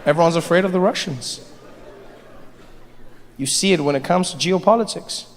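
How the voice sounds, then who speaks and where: A man performing a stand-up comedy set, animated and playful, on a large theater stage. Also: fairly high pitch, moderate pace. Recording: long hall reverb, faint noise.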